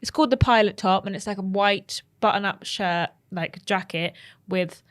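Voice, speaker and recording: A woman's voice: medium pitch, normal speed. Bubbly woman podcaster. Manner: bubbly, enthusiastic, rambling. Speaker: podcast co-host. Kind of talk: casual chat.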